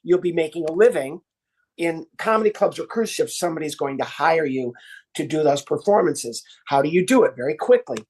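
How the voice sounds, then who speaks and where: An American man in his sixties, a ventriloquist guest on a podcast interview, teaching in an animated, demonstrative way. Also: a little high, brisk, husky. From United States. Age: 60s. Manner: animated, demonstrative teaching, acts out little voices.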